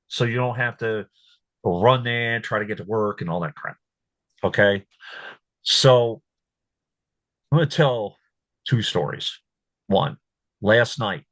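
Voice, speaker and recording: A man hosting his own show, talking casually, repeating words and growing animated when he tells what he said. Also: on the low side, no room sound. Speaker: host. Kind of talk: casual commentary.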